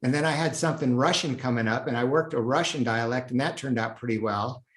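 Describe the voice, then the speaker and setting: A man's voice: medium pitch, fast. Easygoing man in an echoey room. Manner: easygoing, self-deprecating, laughs often. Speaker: podcast guest, actor. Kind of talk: casual interview conversation.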